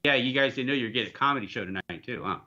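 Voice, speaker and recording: A man's voice: mid-range voice, racing, bright, forceful tone, muffled recording, slight background noise. A man hosting a casual livestream, rambling and joking as he reads viewer comments. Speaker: livestream host.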